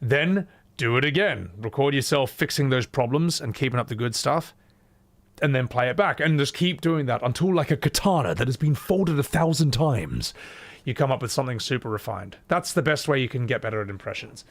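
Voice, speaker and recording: A man's voice: medium pitch, expressive, brisk. A man chatting casually on a live stream, loose and swearing freely.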